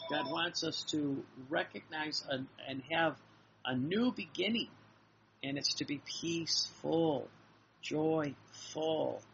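A man with a fairly high, creaky voice preaches a sermon in an earnest, repetitive, exhorting style, acting out dialogue along the way. The recording is dull and lo-fi, with faint ambience and background noise.

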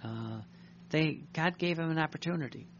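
A man's voice: fairly high pitch, moderate pace, a little hiss or hum. A man, a priest, preaching an earnest, reflective sermon and often restarting his sentences. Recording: dull lo-fi recording.

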